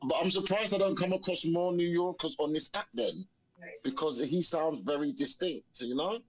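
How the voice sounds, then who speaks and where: A man's voice: on the high side, moderate pace, highs cut off. A man with a South London accent joining a casual chat as a guest, friendly and teasing with hesitant restarts. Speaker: guest caller.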